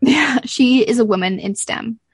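A woman's voice: fairly high pitch, moderate pace, husky, no echo, studio quality. A woman co-hosting a podcast, chatting casually and animatedly retelling scenes. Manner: animated recapping, acts out lines from scenes. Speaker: podcast co-host. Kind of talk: casual chat.

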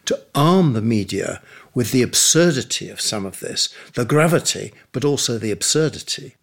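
An older man speaks in an interview, measured and halting as he holds back tears. His voice sits at an ordinary middle pitch. He chooses his words with care. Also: lively intonation, vocal fry. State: emotional, close to tears. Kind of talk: interview recollection.

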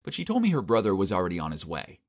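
Expressive young male storyteller. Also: low voice, racing. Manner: expressive, dramatic comic delivery. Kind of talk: animated first-person story narration.

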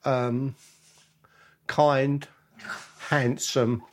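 A man's voice: medium pitch, flat delivery, extremely slow, slight background noise. A middle-aged man, a father answering questions bluntly with jokes. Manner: blunt, joking. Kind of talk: casual chat.

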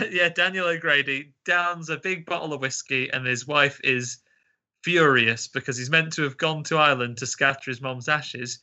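A man's voice: a little high, moderate pace, sharp tone, dull audio. A man co-hosting a casual chat, recapping a film plot with jokes and laughter. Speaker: podcast co-host.

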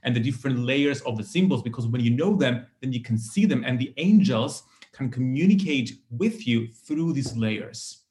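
A man's voice: medium pitch, lively intonation, normal speed, a little mellow. A man hosting a podcast interview, talking in an enthusiastic, effusive way. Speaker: podcast host. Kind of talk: casual interview chat.

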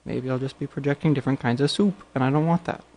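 A man's voice: medium pitch, fast talker, a little mellow. A man co-hosting a podcast, rambling through his thoughts with many fillers and hedges. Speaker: podcast co-host. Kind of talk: casual chat.

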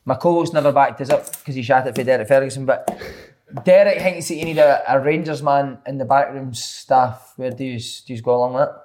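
A man's voice: medium pitch, a little fast, a little mellow, slight background noise. A man hosting a casual football chat, full of teasing, jokey banter. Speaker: podcast host.

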